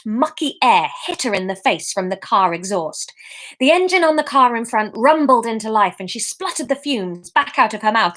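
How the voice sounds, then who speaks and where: A woman reads her own serialized story aloud, switching into chatty, self-mocking asides to her live audience. Her voice sits in an ordinary middle pitch, easygoing and conversational. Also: fairly bright tone. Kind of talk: live-streamed story reading with chat.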